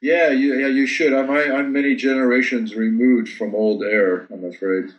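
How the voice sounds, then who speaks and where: A man's voice: medium pitch, steady tone, moderate pace, reverberant, muffled recording. A man with an American accent, a filmmaker talking casually in an interview, often repeating words as he thinks. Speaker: filmmaker guest.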